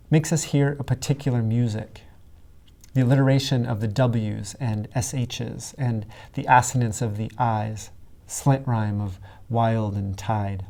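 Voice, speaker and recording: A man who teaches writing, giving a scripted lesson in a clear, deliberate way and stressing his example words heavily. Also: medium pitch, mellow. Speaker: writing instructor. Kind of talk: scripted educational narration.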